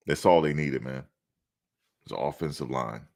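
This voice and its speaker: A man hosting a casual commentary on practice footage, excitable and laughing, repeating his phrases. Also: a bass voice, moderate pace, gravelly, background noise. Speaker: host reacting to practice footage.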